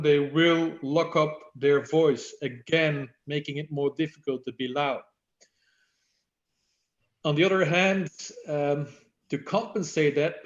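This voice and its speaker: Man teaching umpires voice use, echoey. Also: on the high side. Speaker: badminton umpire instructor. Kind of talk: online workshop talk. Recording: echoey, dull lo-fi audio.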